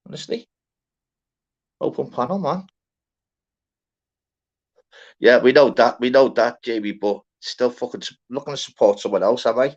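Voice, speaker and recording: A man's voice: medium pitch, moderate pace, darkish tone. Scouse man, chatty lo-fi livestream. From Liverpool, England. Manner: chatty, sweary, greets viewers by name. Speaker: livestream panel host. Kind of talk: casual live chat. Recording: dull lo-fi stream audio.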